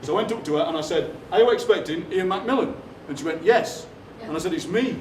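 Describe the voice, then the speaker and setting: Man, comic storyteller on stage, high voice, roomy hall, heard from far off. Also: quick pace, slight background noise. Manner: deadpan anecdotes, acting out other people's lines. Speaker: poet performing on stage. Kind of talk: comic storytelling to a live audience. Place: theatre stage. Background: audience laughter.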